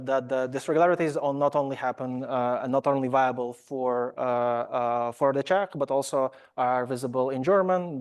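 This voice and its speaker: A man giving an academic lecture, talking hesitantly with many fillers and restarts, and slipping in wry asides about himself. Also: medium pitch. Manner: wry self-deprecating asides.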